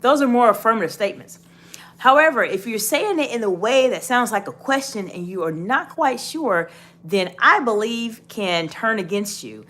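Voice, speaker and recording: Animated woman coaching on leadership. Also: fairly high pitch, moderate pace. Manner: emphatic, animated, acts out example phrasings. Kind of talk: live-streamed coaching talk.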